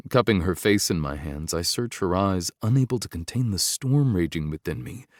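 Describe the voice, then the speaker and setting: A man's voice: sits low, expressive, moderate pace, hardly any pauses, no echo, clean studio sound. A man narrating a romance audiobook in the first person, intense and brooding.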